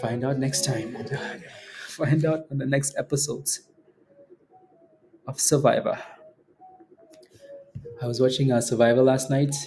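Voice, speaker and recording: Mellow, chatty man hosting a trading stream. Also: medium pitch, vocal fry. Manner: rambling and chatty, laughs often, many "right?" tag questions. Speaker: day-trading livestream host. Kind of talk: casual live market commentary.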